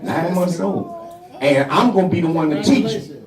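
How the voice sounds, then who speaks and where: An older man with a Southern US accent doing a loud, animated stand-up comedy set at a café open mic, laughing along with the audience. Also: a little high, normal speed. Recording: roomy, distant, crowd noise.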